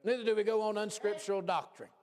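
A man pastor preaching a folksy, animated sermon, swinging from hushed asides to shouts. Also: high voice, fast talker. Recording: long hall reverb.

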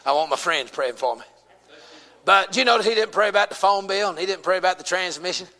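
A man's voice: high voice, fast, bright, forceful tone, in a large hall. A man with a Southern US accent preaching a sermon, folksy and emphatic, calling out to his congregation.

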